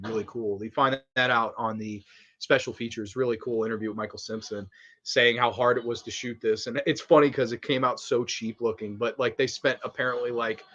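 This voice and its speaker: A man hosting a casual fan commentary on a movie, excitable and crude, laughing often. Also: medium pitch. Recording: slightly dull lo-fi audio.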